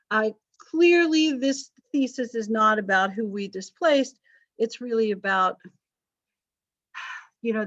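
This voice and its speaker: A woman's voice: a little high, fairly bright tone. A woman, a history teacher, lecturing casually to her class with wry jokes, asides and laughs. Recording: dull lo-fi lecture recording.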